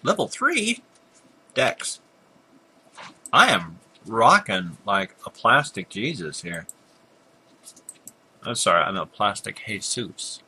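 Slow and full of long pauses, an older man's low-leaning voice swoops wildly in pitch, bright and pushed with a breathy edge. He talks casually through a computer game, muttering at monsters and repeatedly apologizing for his yawns.

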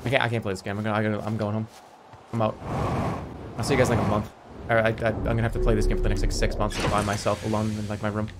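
A man giving excitable, self-mocking live commentary while playing a video game, often repeating phrases in bursts. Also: lowish voice, very fast, very noisy. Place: home streaming setup.

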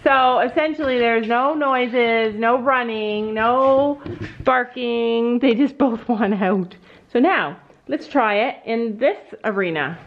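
Speaking slowly in a fairly high voice, a woman chats to her viewers in a laid-back vlog while soothing her horses by the barn and trailer outside. The audio is a bit dull and carries faint noise.

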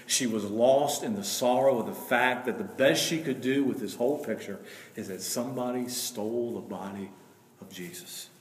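A man preaches a sermon at a mid-range pitch, his voice ringing through a roomy hall with a long, lingering tail. He moves from quiet, drawn-out lines to loud, emphatic surges and takes his time over scripture readings. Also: slight background noise. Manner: swings between hushed, slow passages and loud, emphatic rises; reads scripture slowly and deliberately. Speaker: pastor. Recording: echoey hall with long reverb.

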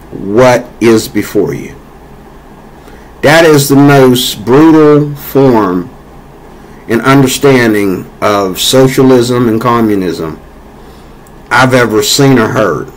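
A man from the United States rants on camera about politics. He rambles, circles back to the same points, and leans on "you know" and "um" as he grows heated. His voice sits at an ordinary middle pitch. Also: poor audio. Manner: rambling, repetitive, heated with frequent fillers. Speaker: vlogger. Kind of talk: political opinion rant.

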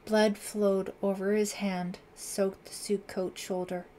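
A woman narrating a thriller audiobook in a measured, dramatic reading. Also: mid-range voice, little pitch movement, dark tone, slight background noise.

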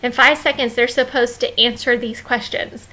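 A woman leading a children's ministry training, walking volunteers through the week's activities in a friendly, instructive way with many pauses and fillers. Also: on the high side, fairly even intonation, pushed and bright, poor audio.

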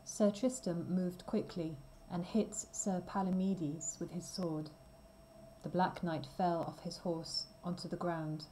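A woman reading a simple storybook aloud slowly and clearly for language learners. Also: on the low side, fairly even intonation, warm tone, a little hiss or hum, low-quality recording. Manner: careful, deliberate reading. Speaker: reader.

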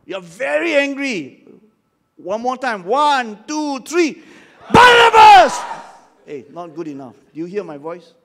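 Over heavy background noise, an older pastor preaches dramatically in a high-pitched, gravelly, expressive voice at a moderate pace. He leads his congregation in shouted call-and-response.

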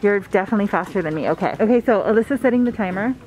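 A woman's voice: mid-range voice, very fast, a little mellow. A woman hosting a casual vlog in a large store, talking chattily to viewers with frequent giggles, on a handheld phone camera. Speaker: vlog host. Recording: noisy store ambience.

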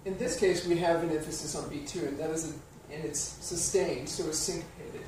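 A man's voice: a little high, fairly even intonation, normal speed, very noisy. A man teaching piano, explaining rhythm patiently and counting beats aloud. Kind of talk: instructional music lesson. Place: piano studio. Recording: roomy studio, distant mic, piano playing.

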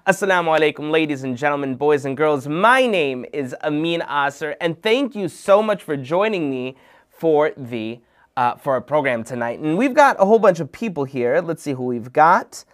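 A man's voice: on the high side, animated, moderate pace. A man hosting a children's program, presenting in a playful, upbeat way and joking with young viewers. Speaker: host of a kids' program. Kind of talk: lively kids' show presenting.

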